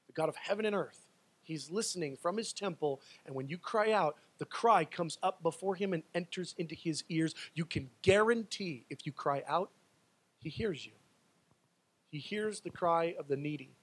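A male pastor with a high-pitched voice delivers a sermon. He pushes into loud, pleading stretches, then drops to quiet, personal asides. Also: moderate pace, breathy edge.

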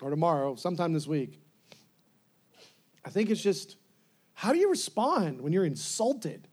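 A man preaching a sermon, animated, laughing often and acting out scenes as he goes. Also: a little high, measured pace, husky.

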